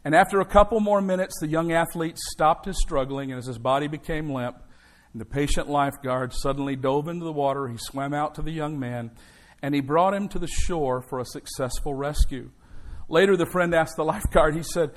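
A man's voice: fairly high pitch, fairly quick. A male pastor delivering an emphatic sermon in a church, with call and response to the congregation.

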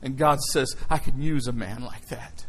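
A middle-aged man preaching a sermon, telling a personal story in an animated way that swings from hushed lines to shouts. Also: mid-range voice, normal speed, slight background noise, poor audio.

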